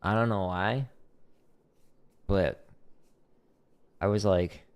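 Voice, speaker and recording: Gravelly-voiced man, dry and chatty. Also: low voice, extremely slow. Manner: dry, deadpan sarcastic humor; relaxed, chatty explaining. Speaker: drum teacher streaming practice. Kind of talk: casual practice-stream instruction.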